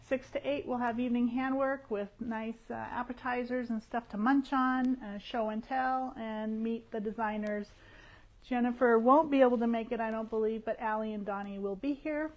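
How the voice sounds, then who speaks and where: A woman's voice: on the high side, poor audio. A woman who owns a yarn shop, chatting casually through the week's events on a shop livestream. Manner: chatty, rambling, warm with regulars.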